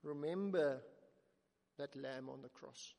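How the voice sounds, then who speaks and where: A man preaching a sermon in earnest tones, swelling to emphatic calls and sinking to soft, slow words. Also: a little high, vocal fry. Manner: earnest, rising to emphatic then dropping to soft, slow quotes. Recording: long hall reverb.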